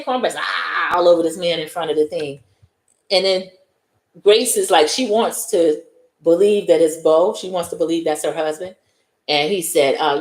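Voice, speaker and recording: Recorded in an echoey room, a woman from the United States with a New York accent hosts a casual recap, walking through a film scene by scene and acting out the characters' dialogue. She speaks in a lowish voice at a moderate pace.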